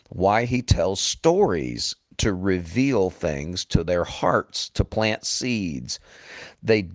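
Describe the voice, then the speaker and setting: A man preaching a sermon in an earnest way, often dropping low and quiet for emphasis and calling the listener "friend". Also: no echo.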